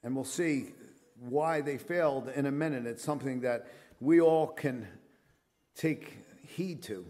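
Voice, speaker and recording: A man's voice: mid-range voice, measured pace, darkish tone. A middle-aged male pastor preaching a sermon in an earnest, conversational way, with frequent fillers and restarts.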